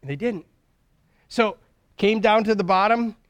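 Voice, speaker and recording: A man's voice: sits high, a little slow, no echo. A man preaching a sermon in a folksy storytelling way, acting out jokes and leading a prayer.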